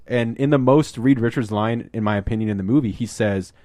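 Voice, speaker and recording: A man hosting a casual podcast, talking about a film, rambling and swearing and acting out scenes in quick put-on voices. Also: fairly low pitch, warm tone, no room sound, studio quality. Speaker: podcast host.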